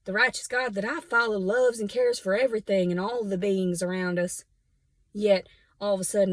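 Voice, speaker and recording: A woman's voice: mid-range voice, no room sound. A woman, angrily delivering a defiant, repetitive monologue to camera while hot and sweating.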